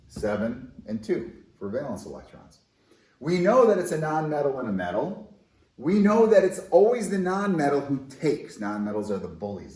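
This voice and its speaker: A male chemistry teacher explains in a conversational, enthusiastic way, with his pitch swinging widely. The room sounds echoey, with faint background noise. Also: darkish tone. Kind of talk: recorded classroom lesson.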